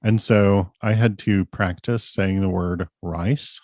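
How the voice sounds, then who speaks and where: Brief: male podcast co-host from the North Carolina mountains, low voice, dry close sound, steady explainer. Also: no room sound. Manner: explanatory, measured, with fillers like "you know" and "like". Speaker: podcast co-host presenting research. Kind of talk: casual podcast chat.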